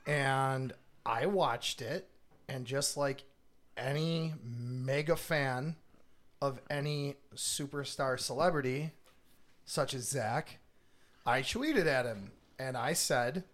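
A man co-hosting a casual podcast who tells absurd stories in a deadpan way. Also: medium pitch, slow. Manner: deadpan comic storytelling. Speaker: podcast co-host.

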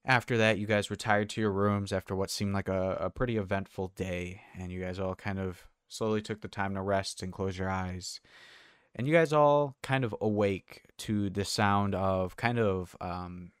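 Game master, man, low monotone, smooth dry voice, halting narration. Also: no echo. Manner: halting, many fillers.

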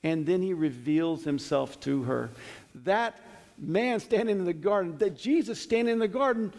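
Earnest high-voiced man preaching in a hall. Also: normal speed, a little mellow. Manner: earnest, conversational storytelling with frequent restarts. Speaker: Bible teacher. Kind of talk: sermon.

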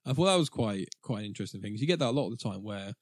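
A man's voice: lowish voice, animated, very fast, no room sound, clean studio sound. A man co-hosting a podcast, chatting casually and rambling about a film, laughing often. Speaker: podcast co-host. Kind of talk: casual film review chat.

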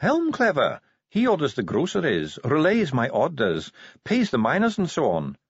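A man's voice: on the high side, wildly swooping pitch, normal speed, breathy edge, no room sound, lo-fi sound, voice pushed up, exaggerated voice. A man doing a haughty, sneering dwarf steward. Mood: disdainful. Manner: pompous, clipped and condescending. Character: haughty male dwarf steward, cold and disdainful. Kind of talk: audiobook character voice.

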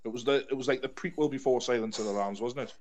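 A man's voice: mid-range voice, fast, crowd noise. Rambling man. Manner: rambling, laughs a lot, loses track of names. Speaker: podcast co-host. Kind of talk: casual chat.

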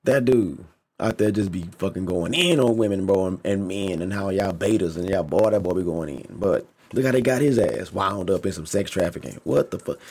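A man's voice: sits low, expressive, normal speed, darkish tone, breathy edge. A man giving a casual, emphatic opinion rant, repeating himself for stress, using slang and swearing a lot. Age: adult. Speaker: vlogger.

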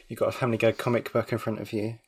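A man co-hosting a casual podcast, giggling and tossing off deadpan dark jokes. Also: lowish voice. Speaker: podcast co-host.

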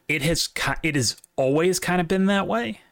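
A man's voice: high voice, normal speed, creaky, a bit bright, no room sound, studio quality. A man with a light Southern accent, chatting casually on a podcast in a rambling, profane way. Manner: rambling, profane, lots of restarts. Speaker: podcast co-host.

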